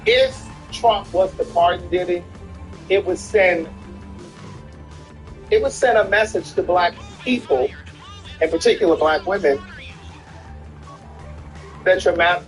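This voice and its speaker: A man's voice: sits high, animated, a little slow, long pauses, faint music behind, poor audio. A man co-hosting a gaming stream in casual chat, opinionated and emphatic, often repeating himself as he makes his point. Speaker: streamer co-host.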